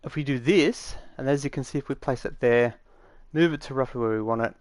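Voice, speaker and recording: A man's voice: medium pitch, fairly quick, a little mellow, no echo, studio quality. Casual rambling man talking over a tutorial. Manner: rambling, matter-of-fact, with frequent fillers. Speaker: game tutorial maker. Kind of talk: casual screen-recorded tutorial.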